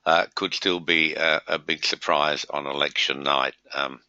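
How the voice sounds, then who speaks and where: A man's voice: rumbling low, fairly even intonation, a little slow, bright, forceful tone, dry recording. A middle-aged man from Australia with an Australian accent, hosting a trading webinar in a casual, rambling way with many filler words. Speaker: webinar host, trader. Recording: dull lo-fi dry audio.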